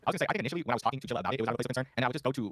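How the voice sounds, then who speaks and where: A man's voice: medium pitch, very fast, fairly bright tone, no echo. A man answering interview questions in a rambling, hesitant, apologetic way. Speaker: interview guest.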